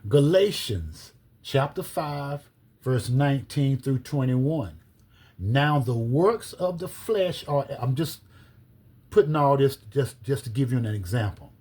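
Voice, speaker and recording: A man giving a slow, deliberate scripture-based teaching, reading verses aloud and spelling out words letter by letter. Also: medium pitch, expressive, a little mellow, slightly rough. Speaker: religious teacher.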